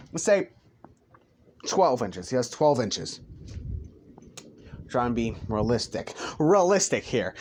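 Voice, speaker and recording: A young man improvising a crude fan story, rambling, swearing and stumbling over names. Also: fairly high pitch.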